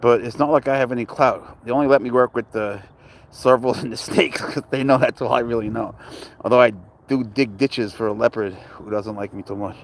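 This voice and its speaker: A man's voice: medium pitch, fairly even intonation, fairly quick, creaky, a little hiss or hum. A young man hosting a casual home livestream, rambling and joking, greeting viewers by name. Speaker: livestream host and serval cat owner. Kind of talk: casual livestream chat reading viewer comments. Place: home, indoors.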